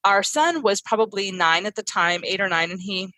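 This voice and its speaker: A woman's voice: mid-range voice, normal speed, no echo, low-quality recording. Earnest woman explaining parenting ideas. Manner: earnest, explains through family stories, lively acted asides. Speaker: parenting educator and guest. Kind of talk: conversational teaching in an interview.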